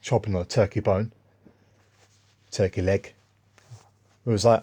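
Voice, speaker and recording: Un hombre con acento inglés que cuenta historias en un vlog, de forma dispersa y con tono de agravio. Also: male voice, on the low side, fairly even intonation, a little slow, warm tone, slightly rough. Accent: English. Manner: rambling, aggrieved, restarts often. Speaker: vlogger. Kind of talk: casual spoken monologue, storytelling.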